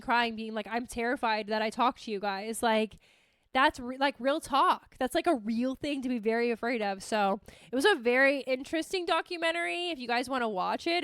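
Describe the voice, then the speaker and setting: Woman host, young adult, casual solo chat, slightly high, smooth tone, animated and profane. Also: fairly quick, dry recording, studio quality. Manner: animated, swears freely, acts out her own reactions. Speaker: podcast host.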